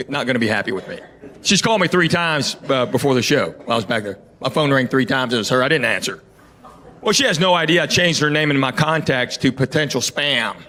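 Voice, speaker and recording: A middle-aged man with a Southern US accent doing a stand-up comedy set with dry, deadpan storytelling, recorded live on stage. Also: fairly high pitch. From Tennessee. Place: comedy stage before an audience. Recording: live show with loud crowd laughter.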